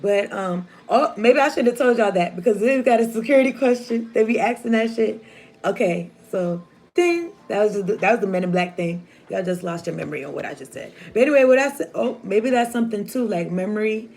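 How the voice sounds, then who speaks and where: A woman's voice: medium pitch, expressive, brisk, creaky, darkish tone. A woman giving a casual, rambling tarot reading to her viewers, chatty and slangy. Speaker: tarot reader. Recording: noisy home recording.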